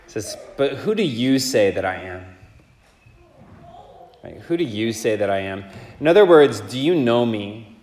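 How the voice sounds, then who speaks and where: Priest, male, preaching casually with fillers; roomy church sound with a long reverb tail. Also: mid-range voice. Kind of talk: gospel reading and homily.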